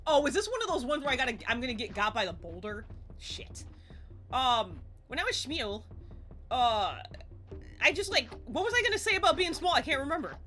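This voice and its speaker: A lively woman of about forty talks through a live game stream from a home green-screen setup. Her voice sits a bit high and sounds bright and sharp, and her pitch jumps around a lot as she laughs, swears and yelps. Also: fast talker, soft background music. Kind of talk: live gameplay stream chat.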